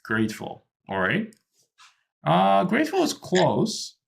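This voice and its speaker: A man's voice: high-pitched, wildly swooping pitch, slow pace, creaky. A man teaching an online English lesson, patient and explaining with many ums and restarts, on a computer microphone. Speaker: English tutor.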